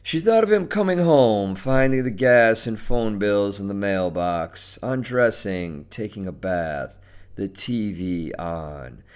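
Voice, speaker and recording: A man narrating a short story in a slow and expressive manner. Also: on the low side, clear, resonant tone.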